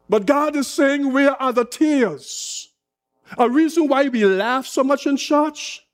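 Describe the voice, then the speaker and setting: A man preaching a sermon as pastor, slow and impassioned with dramatic pauses. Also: very high voice.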